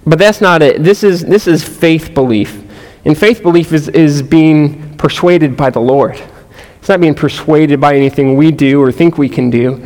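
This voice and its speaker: Man preaching a sermon, slightly high voice, earnest conversational delivery, long hall reverb. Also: normal speed, darkish tone. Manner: earnest, conversational, frequent restarts and "you know". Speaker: pastor.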